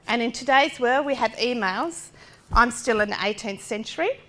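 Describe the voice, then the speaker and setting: A woman's voice: on the high side, moderate pace. Forthright mother giving a talk. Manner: direct and forthright, with rhetorical questions; animated, acting out other people's lines. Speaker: guest speaker, parent of a child with a disability. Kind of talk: lecture talk drawn from personal experience.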